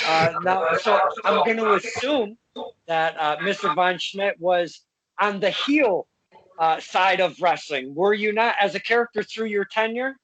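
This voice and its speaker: A man with a high, bright voice hosts the interview. He sounds like an eager fan, tripping over fillers and restarts as he talks. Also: low-quality recording. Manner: enthusiastic fan, halting with fillers. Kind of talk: casual interview chat.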